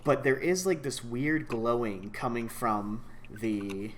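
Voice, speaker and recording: A man narrating a tabletop game as game master, in a laid-back, halting way with lots of ums. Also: medium pitch, slight background noise.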